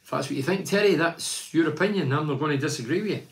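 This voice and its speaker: A man's voice: on the high side, fast, a little hiss or hum. An older man, a former footballer chatting casually about his club and reading out fan messages, blunt and opinionated with plenty of rambling restarts.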